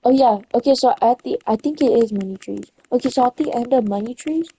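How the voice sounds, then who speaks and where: A woman's voice: fairly high pitch, a little fast, mellow, a little hiss or hum, rough recording. Rambling young woman retelling a story. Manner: rambling and self-correcting, losing her place. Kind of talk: casual chat while gaming.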